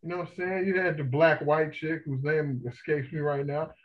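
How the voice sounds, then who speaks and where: A man co-hosting a podcast, talking casually and profanely with lively enthusiasm. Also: on the high side, normal speed, muffled recording. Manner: animated, profane, enthusiastic film talk. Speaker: podcast co-host. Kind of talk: casual chat.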